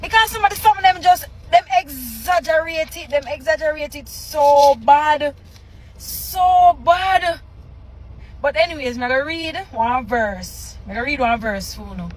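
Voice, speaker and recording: A woman's voice: high-pitched, a little slow, low-quality recording. A Jamaican woman chatting casually in a reaction video, reading aloud with exasperated, teasing remarks.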